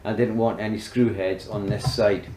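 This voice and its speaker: A man's voice: lowish voice, fairly even intonation, moderate pace, warm tone, reverberant, a little hiss or hum, low-quality recording. A man filming a casual woodworking demonstration, talking himself through each step and often muttering under his breath. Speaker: DIY woodworking vlogger.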